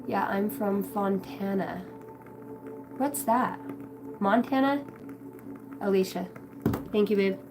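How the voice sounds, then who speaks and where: Over background music and through a low-quality recording, a middle-aged tarot streamer speaks slowly in a medium pitch with long pauses. Her talk is profane and scattered as she reads out viewer comments and jumps from one to the next.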